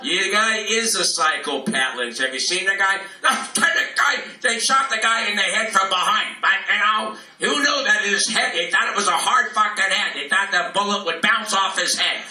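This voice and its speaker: Sharp-voiced New man ranting on stage. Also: high voice, expressive, moderate pace, hardly any pauses. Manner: profane, rambling free-form ad-lib rant. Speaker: stand-up comedian. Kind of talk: live stand-up set. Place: club room, live in front of an audience. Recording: roomy echo, distant mic, faint room noise.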